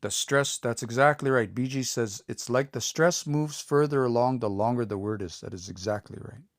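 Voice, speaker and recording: A man teaching pronunciation on a livestream, repeating words slowly and coaching learners to say them out loud. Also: medium pitch, no echo, studio quality. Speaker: language teacher.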